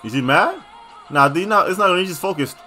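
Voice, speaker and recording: A young man casually reacting to video clips, slangy and excitable, often bursting into shouts. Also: sits high, fairly quick, faint music behind.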